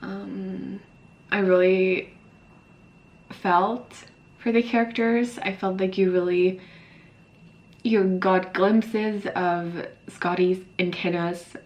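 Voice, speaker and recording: A woman in her early twenties, tearful after crying, talking haltingly to her camera about a book in an emotional reading vlog. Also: medium pitch, steady tone, highs cut off. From Sweden. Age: early 20s. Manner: emotional, halting, many fillers and sighs. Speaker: book vlogger. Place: alone at home talking to camera.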